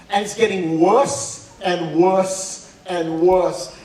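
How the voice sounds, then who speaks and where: A man speaking on college admissions at a school night, telling animated, humorous stories at an unhurried pace with a fairly high voice. He sounds far from the microphone in an echoey hall, with faint noise behind him. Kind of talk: talk to students and parents.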